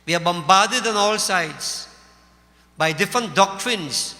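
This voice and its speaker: A man's voice: high voice, normal speed, sharp tone. A man with a Caribbean English accent giving a sermon, telling a folksy story and speaking to his listeners as devotees. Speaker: Hindu religious teacher. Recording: long hall reverb.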